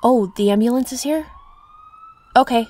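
A young woman voicing a caring girlfriend in an audio role-play, talking softly and reassuringly to her partner. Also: a little high, normal speed, close to an everyday voice. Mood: soothing. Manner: soft, reassuring, tender.

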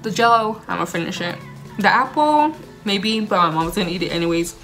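A young woman casually vlogs at home, tasting food and gushing in a bubbly, chatty way while slipping Spanish words into her talk. Her voice is medium-pitched and fairly bright, she speaks fairly quickly, and music plays in the background.

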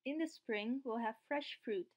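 A woman's voice: fairly high pitch, measured pace, darkish tone, dull audio. Woman reading as a kindly cook.

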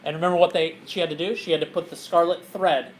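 A man, a pastor, teaching a Bible study to a group in a church, animated and often laughing as he asks questions. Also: fairly high pitch, quick pace, slight background noise, rough recording.

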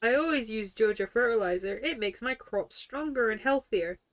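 A woman's voice: on the high side, lively intonation, normal speed, close to an everyday voice. A woman reading aloud a folksy farmer neighbor's lines from a video game, in a chatty, plain voice. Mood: friendly.

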